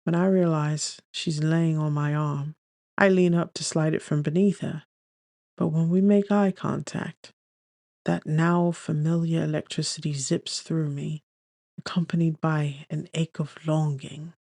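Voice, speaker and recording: A man narrating a first-person romance audiobook in a gentle, unhurried storytelling manner on a close studio mic. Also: on the high side, steady tone, creaky, no room sound.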